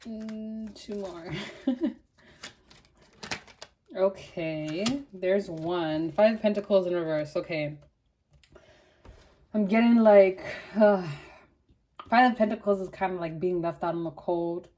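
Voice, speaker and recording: A young woman reads tarot cards in a loose, slangy, chatty way, leaning on fillers as she goes. Her voice is mellow and warm and sits a little low. She talks to viewers like friends. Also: slow pace, long pauses. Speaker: tarot reader. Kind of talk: casual tarot reading.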